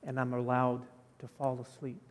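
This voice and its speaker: A pastor giving a sermon in a church, telling the story in a conversational, animated way with casual asides. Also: male voice, medium pitch, normal speed, in a large hall. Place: church sanctuary.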